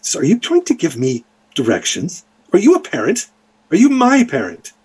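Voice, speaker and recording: A man's voice: medium pitch, animated, moderate pace, a little mellow, husky. A man voicing a stern, worried mother who scolds and intimidates her children. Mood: scolding. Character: stern worried mother, middle-aged woman.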